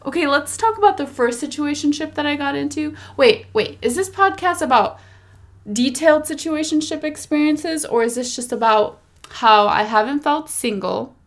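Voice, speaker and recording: A woman's voice: sits high, expressive, moderate pace. A young woman hosting her own podcast, chatting candidly and rambling a little, often repeating words for emphasis. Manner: candid, self-reflective, faith-centered. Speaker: podcast host. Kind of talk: casual solo podcast talk.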